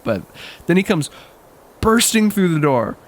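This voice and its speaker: A man's voice: sits high, big pitch swings, unhurried. Wry young man telling a story. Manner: wry, laughing often. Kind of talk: casual personal storytelling.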